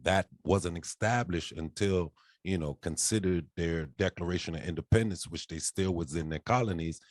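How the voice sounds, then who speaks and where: A very low-voiced man reads treaty articles aloud on a group call, pausing and restarting over some words. The sound is close and dry. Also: dry recording. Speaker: participant reading aloud. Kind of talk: reading a treaty aloud in discussion.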